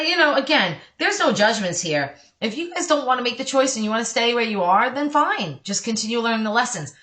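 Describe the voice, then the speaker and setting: A woman reading tarot cards for her online followers in a loose, conversational way. Her voice is bright and forward, and she keeps reassuring her listeners while stopping now and then to apologize for getting sidetracked. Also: medium pitch. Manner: chatty, reassuring, with frequent apologetic asides. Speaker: tarot card reader. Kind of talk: casual tarot reading for viewers.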